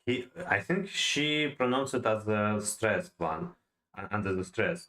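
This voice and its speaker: Brief: man, slow deliberate delivery, low voice, hesitant study-aloud tone. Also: animated, a bit bright, poor audio. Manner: halting, many fillers and restarts, non-native phrasing. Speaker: self-taught poetry learner. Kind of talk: thinking-aloud study session.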